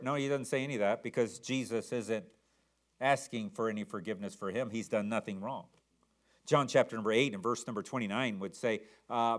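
A man's voice: fairly low pitch, brisk. A man preaching a sermon, reading King James scripture and repeating words as he builds each point. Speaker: pastor.

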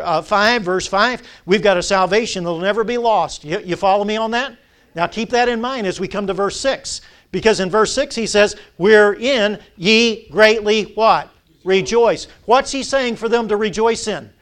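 A man preaching from the pulpit in a high, lifted voice. He stretches key words out slowly for weight and pauses to let the congregation call back the answers. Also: fairly bright tone. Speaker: pastor. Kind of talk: sermon.

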